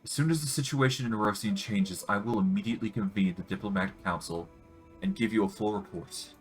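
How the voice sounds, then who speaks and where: A man's voice: lowish voice, quick pace, faint music behind, natural voice, rough recording. A man voicing a formal, apologetic male diplomat in a video game, speaking politely.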